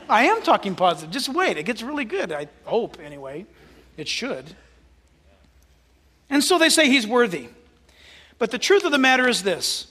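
A man preaching a sermon as a pastor, telling stories with animated delivery and dropping into soft asides. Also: very high-pitched, moderate pace, long pauses, breathy edge, in a large hall.

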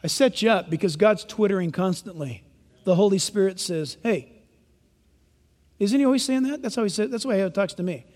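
A man's voice: sits high, fast talker, a little mellow. A man preaching a sermon as pastor, joking with the congregation and acting out quoted voices. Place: church sanctuary. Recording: long church hall reverb.

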